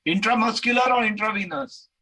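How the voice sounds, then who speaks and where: High, bright Indian-accented male lecturer. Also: brisk, breathy edge, low-quality recording. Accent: Indian English. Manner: animated, acts out quoted voices.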